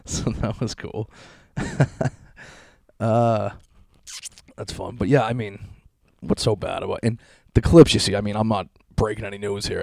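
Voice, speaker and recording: A man's voice: on the low side, creaky, a little mellow, dry recording, studio quality. A young adult man hosting a solo podcast, ranting in a profane, sarcastic, mocking way with frequent laughter. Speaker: podcast host.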